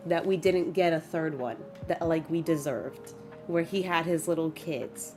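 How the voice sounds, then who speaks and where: A young woman with a fairly low voice chats casually to her stream, expressive and self-mocking, slipping Spanish phrases in between her English. Soft music plays faintly behind her. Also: a little slow. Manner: self-mocking, dramatic complaints. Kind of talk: casual livestream chat with viewers. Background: faint background music.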